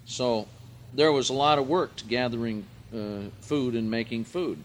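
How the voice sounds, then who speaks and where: A man preaching a sermon, reading scripture aloud and explaining Greek words, rising in pitch and volume for emphasis. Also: a little slow, slight background noise.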